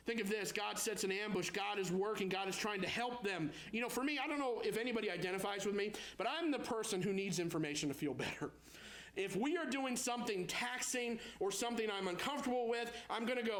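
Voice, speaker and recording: A male pastor preaching a sermon, telling personal stories and acting out anxious prayers in a raised, pleading voice. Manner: animated preaching, acts out prayers in a high pleading voice; storytelling with personal anecdotes.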